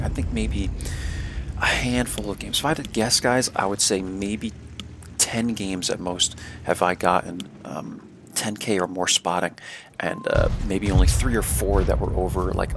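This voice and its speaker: A man's voice: lowish voice, gravelly, background noise. A man giving casual gameplay commentary as a video creator, with an American accent, repeating words and using many fillers.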